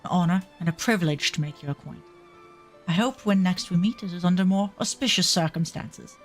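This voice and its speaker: A woman's voice: lowish voice, fairly quick, faint music behind, lightly acted. A woman voicing a courteous young male swordsman-scholar in a put-on posh British accent, with formal, courtly phrasing.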